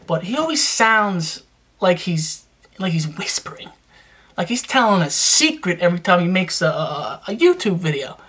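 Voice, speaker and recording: A man's voice: high-pitched, big pitch swings, normal speed, a bit bright, husky. Young New man, rambling and slangy, casual vlogger tone. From New York. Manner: rambling and slangy, full of fillers and restarts. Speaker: reptile-keeping YouTuber giving shout-outs. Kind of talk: casual vlog chat.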